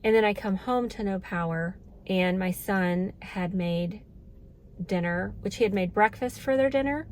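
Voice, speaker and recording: A woman's voice: mid-range voice, a little slow, slight background noise. Earnest middle-aged woman vlogger. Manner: earnest, heartfelt, emotional at moments. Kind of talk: casual talk to camera.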